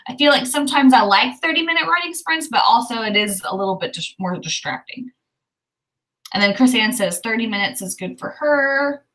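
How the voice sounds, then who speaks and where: A woman with a Southern US accent hosts a relaxed writing livestream. Her voice is bright and forward, and she thinks aloud in a chatty, easygoing way, filling pauses with plenty of ums. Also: fairly high pitch, poor audio. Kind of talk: casual livestream chat.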